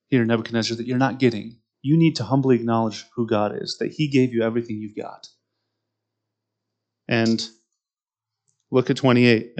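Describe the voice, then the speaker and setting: A man preaching a sermon who reads scripture aloud and then explains it directly to his listeners, often repeating words as he goes. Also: medium pitch. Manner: repeats words and restarts mid-phrase.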